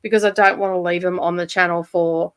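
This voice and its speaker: A woman's voice: fairly low pitch, level tone, brisk, a bit bright, clear, resonant tone, no room sound. An Australian woman hosting a casual reading livestream from home, chatty, laughing often and swearing lightly. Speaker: livestream host of reading sprints. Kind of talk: casual chat. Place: home room by a side street.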